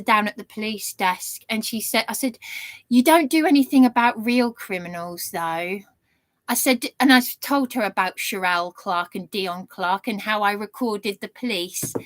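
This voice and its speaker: A woman's voice: medium pitch, fairly bright tone, dry recording. A woman vlogging an indignant, ranting monologue with sarcastic jabs. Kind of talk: angry monologue to camera.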